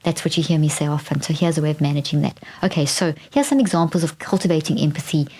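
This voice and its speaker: A woman hosting a podcast, talking parents through advice in a conversational way with restarts and sometimes dropping to a soft whisper. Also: low voice, fast talker, slightly rough. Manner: drops to a soft whisper when modeling gentle phrases. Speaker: podcast host. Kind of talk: teaching talk to parents.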